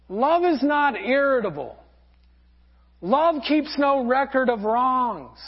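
A male pastor with a very high voice delivers a sermon, telling a parable in an earnest way. He speaks slowly and leaves long pauses between phrases. The recording sounds dull and lo-fi. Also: vocal fry. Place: church sanctuary.

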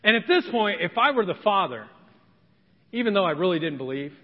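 A man delivers a sermon in a very high, lively voice. He is dramatic and acts out the people in his story. The sound is dull and rings with the long reverb of a church hall. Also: a little fast. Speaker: pastor. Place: church sanctuary.

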